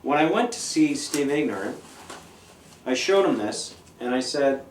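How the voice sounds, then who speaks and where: A man's voice: mid-range voice, normal speed. A middle-aged man, a punk musician, talks bluntly and profanely in a casual interview monologue, telling his stories with animation. His mid-range voice echoes in a roomy space. He sits back from the mic, and a light background noise runs under him. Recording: echoey room, mic at a distance, faint noise.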